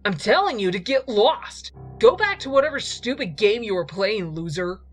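A woman's voice: medium pitch, expressive, normal speed, husky, soft background music, pitched above the performer's own voice. A woman voicing a scornful young man who taunts and threatens. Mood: sneering. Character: sneering young male bully.

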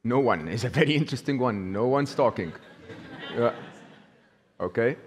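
A man's voice: medium pitch, animated, moderate pace, a faint crowd. A man with an Egyptian accent giving a live talk to an audience, asking them questions and acting out an inner voice, with many fillers and restarts. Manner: interactive, asks the audience questions; acts out the inner voice in quotes.

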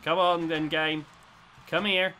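A man giving excitable commentary as he plays a robot combat video game, swinging between tense muttering and loud cheering. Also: on the high side, slow, soft background music. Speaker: gaming YouTuber.

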